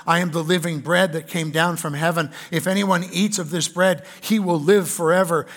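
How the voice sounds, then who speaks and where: A pastor with a Canadian accent preaching a sermon in an earnest way, reading scripture aloud with fillers. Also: male voice, a little high, a bit bright.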